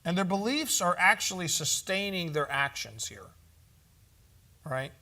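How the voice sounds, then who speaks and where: A man's voice: sits high, big pitch swings, unhurried, sharp tone. A chatty man teaching at a conference. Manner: conversational storytelling with fillers and asides. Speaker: conference speaker. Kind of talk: church teaching talk.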